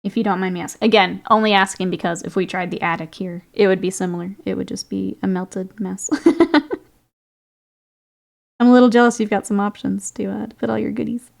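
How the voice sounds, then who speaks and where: A woman's voice: mid-range voice, fairly even intonation, brisk, gravelly. A woman streaming while painting miniatures, chatting casually with viewers, reading their comments and laughing often. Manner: chatty, laughs often, reads and answers chat.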